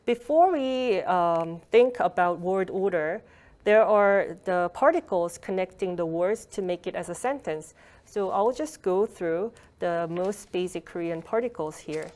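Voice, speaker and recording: A woman's voice: fairly low pitch, expressive, measured pace, a little mellow. A woman giving an online language lecture, explaining patiently with many fillers and small laughs, heard over a video call.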